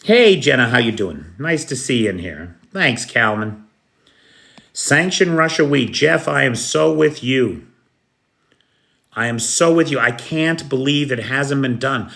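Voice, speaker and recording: A man's voice: medium pitch, lively intonation, a little slow, creaky, bright, forceful tone. A man hosting a casual livestream, thanking viewers by name and answering their comments bluntly. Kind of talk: casual live-stream chat.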